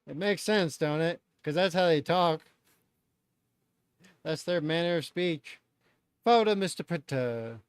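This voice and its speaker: A man's voice: on the high side, steady tone, a little slow, long pauses, smooth, no room sound, studio quality. A man hosting a live stream, reacting in loose, chatty talk and swearing freely.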